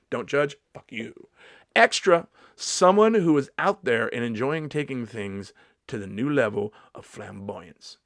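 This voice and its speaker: A man's voice: medium pitch, no room sound, clean studio sound. A middle-aged male comedian in a casual vlog, reading slang definitions aloud and riffing on them with sarcasm and swearing. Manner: sarcastic, swears freely, reads definitions aloud then riffs. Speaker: comedian vlogger.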